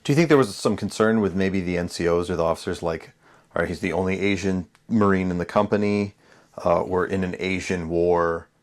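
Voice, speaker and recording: A man's voice: deep voice, fairly quick. A man interviewing a veteran, asking a long, probing question in a conversational way.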